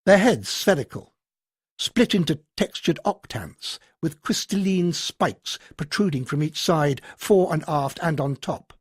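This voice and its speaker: A male audiobook narrator telling a tense science fiction scene with dramatic expression. His pitch moves in a lively way, and his voice has a slight husky edge. The recording sounds dry and close. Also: a little slow, no room sound. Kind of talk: scripted narration.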